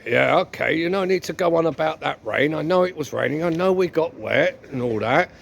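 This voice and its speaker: A man's voice: a little high, animated, brisk, creaky, a little hiss or hum. A man playing a sheepish clumsy husband. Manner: sheepish, self-mocking. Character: clumsy, jinxed middle-aged husband.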